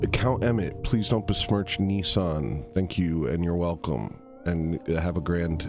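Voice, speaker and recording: A man with a fairly low voice rambles through a comedic livestream, slow and drawn-out. He clowns and mocks himself, breaking into sudden high squeals. Clear music plays behind him. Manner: silly, self-mocking, with sudden high squeals and laughs. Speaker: livestream host.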